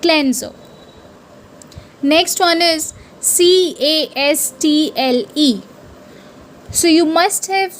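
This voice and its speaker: A woman gives a pronunciation lesson in a high, bright-pitched voice. She speaks slowly and deliberately, spelling each word out letter by letter. She keeps checking in with "right?". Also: a little hiss or hum. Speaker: spoken English teacher.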